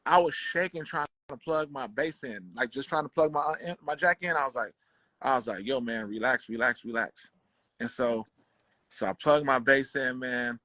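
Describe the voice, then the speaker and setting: A man guest on a conversation show, telling a story in relaxed slang and acting out what others said. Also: mid-range voice, moderate pace, no room sound, poor audio. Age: adult with children. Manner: slangy, relaxed street talk; acts out quoted dialogue. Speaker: podcast guest, bassist.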